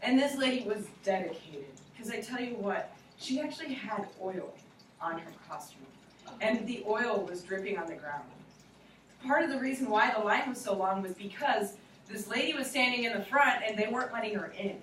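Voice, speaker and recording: A young woman teacher telling a playful, animated story to a class of children, recorded from far away in an echoey classroom. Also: on the high side, normal speed, slight background noise. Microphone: distant recorder.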